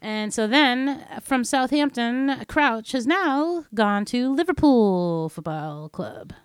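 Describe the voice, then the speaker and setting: A woman's voice: on the high side, animated, takes it slowly, clear, resonant tone, dry recording, clean studio sound. A woman from New England with an American accent, co-hosting a podcast in chatty talk with frequent laughter. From New England, USA. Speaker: podcast co-host. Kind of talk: casual chat.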